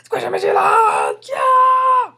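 A woman voicing an excitable, boastful little boy in a toy figure story, with bouncy, squealing cheers. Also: extremely high pitch, a little slow, gravelly, exaggerated voice. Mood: overjoyed.

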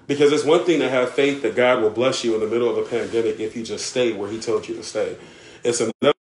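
A man preaches a live-streamed sermon in a medium-pitched voice, talking fast in a roomy space. He's earnest, repeating words as he builds and often checking in with listeners by asking "right?" and "okay?"

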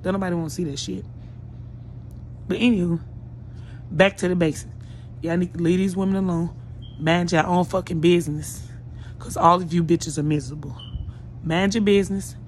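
A woman's voice: lowish voice, steady tone, normal speed, pauses often, a little hiss or hum. A woman vlogger delivering a blunt, profane, scolding rant straight to her viewers, sounding like she just woke up. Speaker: YouTube vlogger. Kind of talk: ranting commentary vlog.

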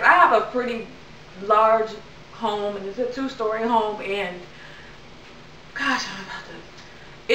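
A woman's voice: a little high, pushed and bright, echoey room, distant mic, a little hiss or hum, poor audio. A young woman vlogger chatting casually to camera, rambling with lots of ums.

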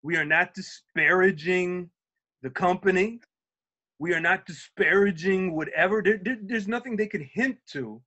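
A man speaking on a video call as a union organizer, telling an animated story and acting out shouted quotes. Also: sits high, normal speed, lo-fi sound. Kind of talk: virtual meeting talk, storytelling.

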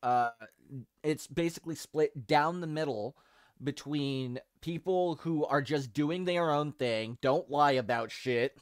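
Excitable, profane male podcast host. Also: a little high, slow, clean tone, no room sound, clean studio sound. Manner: rambling, profane, excitable, with frequent restarts. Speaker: show host. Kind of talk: casual podcast chat.

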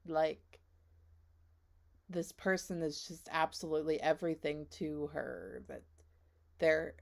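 A woman hosting a reaction video who talks in an earnest, rambling way, full of "like"s and trailing pauses. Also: low voice, a little mellow. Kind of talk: casual reaction commentary.

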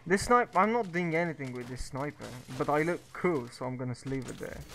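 A man casually commentating a co-op game with a friend, laughing often and yelling when he dies. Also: on the high side, animated, a little fast, a little hiss or hum. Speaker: co-op gameplay commentator. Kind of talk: casual gaming chat.

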